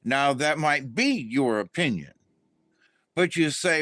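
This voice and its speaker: A man's voice: fairly high pitch, lively intonation, slow pace, bright, forceful tone, no room sound. A middle-aged man from Florida, hosting a casual, meandering monologue full of fillers and restarts. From Florida, USA. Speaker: channel host.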